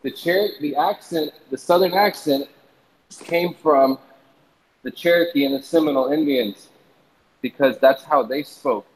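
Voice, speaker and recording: A man's voice: fairly high pitch, unhurried, poor audio. A man chatting casually on a stream, lecturing his friends with a teasing edge. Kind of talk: casual chat.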